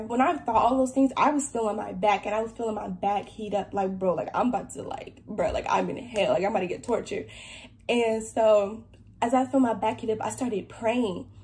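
An earnest young woman recounts a personal testimony in a mid-pitched voice. She talks in loose, halting runs and fills her speech with "like". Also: steady tone, a little mellow, slight background noise. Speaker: believer sharing a testimony.

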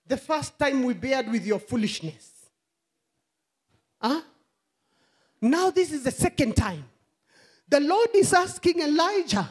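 A woman pastor preaching a sermon with passion. She calls out rhetorical questions and hallelujahs, and she swings between shouting and quiet, low murmurs. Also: very animated, measured pace, long pauses. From Kenya.

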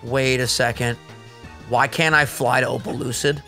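A young man giving casual gameplay commentary as a co-host, excitable and teasing, laughing often. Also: mid-range voice, normal speed, faint music behind. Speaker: co-host of a gaming series.

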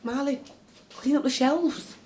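A woman's voice: sits high, measured pace, a little mellow. A teenage girl with a British accent playing a female barbershop owner who scolds the boy she raised. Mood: calm. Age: teens. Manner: scolding, exasperated. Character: female barbershop owner, stern caring guardian. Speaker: amateur youth actor. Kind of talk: amateur drama acting. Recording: roomy, echoey room with faint noise.

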